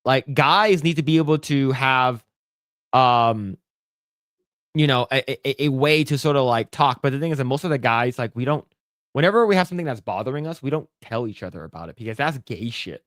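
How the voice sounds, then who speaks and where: A man co-hosting a casual podcast, talking bluntly and profanely with lively storytelling. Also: mid-range voice, fairly quick, no room sound, studio quality. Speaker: podcast co-host.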